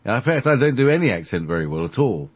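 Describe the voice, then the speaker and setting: Guy telling a story, husky lowish voice, super dry sound. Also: sing-song, fast talker, no room sound. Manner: self-deprecating, chuckling asides. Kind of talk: casual chat.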